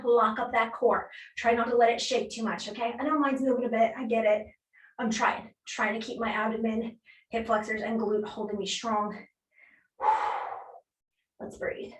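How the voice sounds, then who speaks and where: A woman with a fairly high voice coaches a workout class, counting reps and cheering people on while she exercises along, a little breathless. She is heard from some way off the mic, in an echoey room. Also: distant mic. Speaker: fitness instructor. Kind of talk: live workout class instruction.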